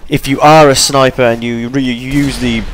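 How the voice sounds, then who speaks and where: A man's voice: mid-range voice, steady tone, moderate pace, a bit bright. A tired young man giving rambling, chatty commentary over his gameplay, yawning between points. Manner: rambling, chatty, self-deprecating.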